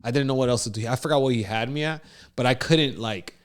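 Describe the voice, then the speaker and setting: A man co-hosting a casual podcast, telling a story with lively acted-out quotes and frequent laughs. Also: mid-range voice, fast. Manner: animated storyteller, acts out quotes, laughs often. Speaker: podcast co-host.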